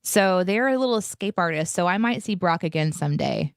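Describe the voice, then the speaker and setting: A woman's voice: fairly low pitch, a little fast, clear, resonant tone, dry recording, clean studio sound. A woman in her thirties co-hosting a live morning show, telling a story in casual, upbeat chat. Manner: chatty storytelling, upbeat, animated.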